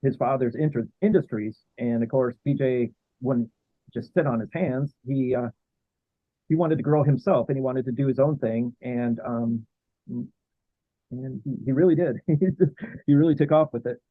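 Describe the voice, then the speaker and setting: A man talking as a guest historian in a casual interview, halting with many fillers and restarts. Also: medium pitch, dry recording. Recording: tinny phone-like line.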